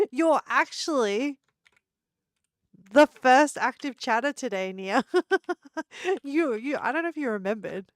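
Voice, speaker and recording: Giggly woman streamer, slow and playful. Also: high-pitched, expressive, no echo, studio quality. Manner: giggly, playful teasing of chat. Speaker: live streamer. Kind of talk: casual live-stream chat.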